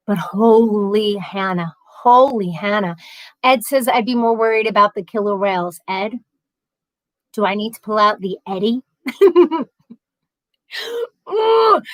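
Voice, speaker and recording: A middle-aged woman chatting on a casual livestream, reading viewer comments aloud in a lively, animated way. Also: on the high side, dry recording, rough recording. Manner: chatty and animated, laughs often.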